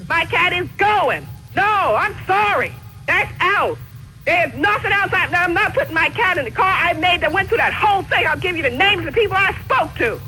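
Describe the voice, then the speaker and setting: A woman on a phone call, stubborn and insistent, repeating herself and raising her voice to shouting at times. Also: very high voice, animated, normal speed. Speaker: prank call target.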